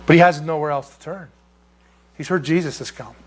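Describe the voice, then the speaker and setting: A man preaching a sermon as a pastor, telling a story with feeling and dropping into high mocking voices for the people he quotes. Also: fairly even intonation, a little fast, a little hiss or hum.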